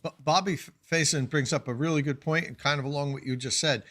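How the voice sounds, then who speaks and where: A man's voice: fairly high pitch, steady tone, quick pace, fairly bright tone. A man co-hosting a podcast discussion, musing and asking questions aloud.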